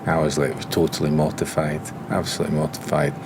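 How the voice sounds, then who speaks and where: A former footballer earnestly recalling an embarrassing first day in an interview. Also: male voice, very deep voice, flat delivery, fairly quick, background noise. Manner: earnest, self-deprecating. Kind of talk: reflective interview.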